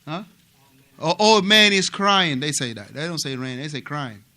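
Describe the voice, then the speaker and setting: A man from Africa leads a class in a mosque with a high, very bright voice. He lectures in an animated way, repeating himself and checking on his students with quick questions. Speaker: mosque teacher.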